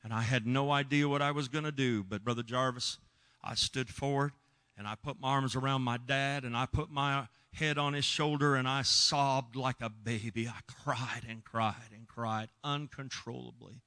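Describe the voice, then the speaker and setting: A middle-aged man preaching, telling a personal testimony with emotion, dropping to hushed tones and rising loud. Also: mid-range voice, steady tone, normal speed. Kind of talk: sermon testimony.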